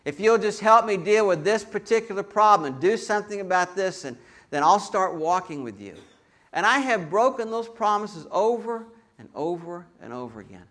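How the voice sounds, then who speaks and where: A man preaching a sermon as a pastor, an animated storyteller who acts out quoted voices and adds humorous asides. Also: high voice, moderate pace.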